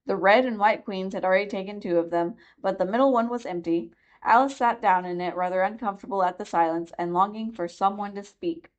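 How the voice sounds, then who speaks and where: A woman narrating a classic children's book as a library reader, with an even, clear delivery. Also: medium pitch, a little fast, muffled recording. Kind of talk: storybook narration.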